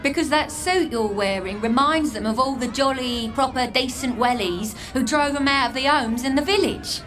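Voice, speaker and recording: A woman's voice: high-pitched, moderate pace, natural voice. An actress voicing a blunt, streetwise outcast young woman in a video game, with an English accent and a breezy, mocking way of giving advice. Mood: cheeky.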